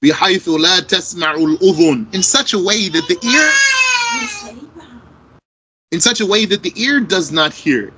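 A man teaching a religious lesson, reading Arabic texts and explaining them slowly line by line in English. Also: high-pitched, expressive, heavy background noise.

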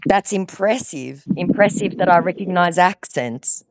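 A woman's voice: lowish voice, animated, unhurried, noisy background. A woman baiting a scammer on a phone call, sarcastic and patronizing, scolding him. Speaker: scam baiter.

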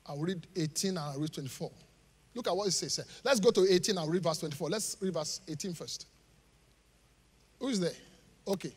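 A man preaching a live sermon in church, joking with the congregation and pausing for it to finish Bible verses. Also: high-pitched, slightly rough. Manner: call-and-response, leaves gaps for the congregation to finish verses; jokes and laughs with the congregation. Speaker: pastor. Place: church auditorium. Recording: live church hall reverb.

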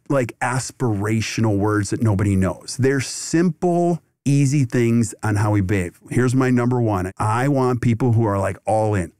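A middle-aged man answering interview questions in an animated, talkative way. He keeps jumping into acted-out quotes with lively swings in his voice. The recording is dry and close, with no room sound. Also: mid-range voice, no echo. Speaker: podcast guest, dental industry consultant.

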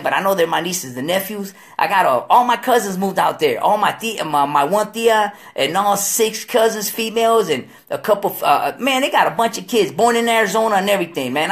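A man hosting a casual live-stream chat, talking in slangy, profane street style and telling animated stories with voiced impressions. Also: high-pitched. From Delaware. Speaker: show host.

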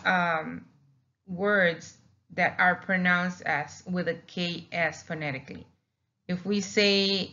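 A woman talks through a recorded language lesson at an unhurried pace, her voice sitting a little low. She repeats key words patiently to make them stick. The recording sounds dull and lo-fi. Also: sharp tone. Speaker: Spanish teacher. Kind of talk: recorded slideshow lecture.

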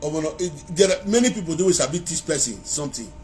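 A man with a Nigerian Pidgin accent talks straight into a phone held close to his face, his voice sitting a little high for a man. He rambles in a casual, animated live-video monologue to his followers. Now and then he slips into chanted praise calls, with a faint hiss of noise behind him. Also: fast. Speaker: social media vlogger.

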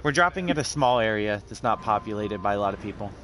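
A man's voice: fairly low pitch, lively intonation, quick pace, heavy background noise. A young man with an English accent, chatting casually while gaming, crude and sarcastic, trash-talking and swearing. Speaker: gamer.

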